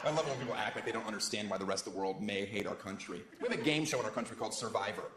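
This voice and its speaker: A man's voice: lowish voice, very fast, noisy background. A man from the United States doing a stand-up comedy set on stage, delivering sarcastic, provocative punchlines with sudden jumps into exaggerated voices. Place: stage in a large venue before a live audience. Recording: roomy live hall with loud crowd. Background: audience laughter and applause.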